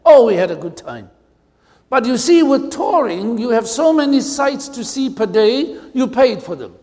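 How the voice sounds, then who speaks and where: A South African man preaching a sermon as pastor, telling humorous stories with drawn-out emphasis, in a church hall. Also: very high-pitched, sing-song, warm tone. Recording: long hall reverb.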